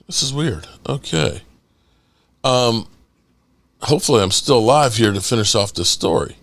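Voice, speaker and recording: Hosting a casual livestream podcast, a middle-aged man tells a story with animation, acting out quotes and swearing casually. His voice sits mid-range with vocal fry, and he takes his time.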